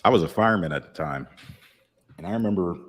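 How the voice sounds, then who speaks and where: A man's voice: low-pitched, animated, fast. A man who was once a firefighter, explaining something step by step in a casual podcast chat. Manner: explains things in plain step-by-step terms. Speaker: podcast guest, former firefighter.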